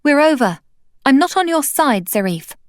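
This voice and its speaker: A woman reading a story aloud and voicing a young woman archer who speaks calmly and firmly. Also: high-pitched, normal speed, no echo, studio quality, voice pushed up. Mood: defiant. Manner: calm and firm.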